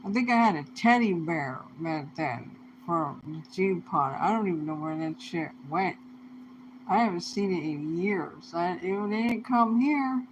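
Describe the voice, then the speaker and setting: A woman's voice: lowish voice, highs cut off, a little hiss or hum. A young woman talking to camera in a rambling, casual monologue, swearing heavily in loose, slangy speech. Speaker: vlogger.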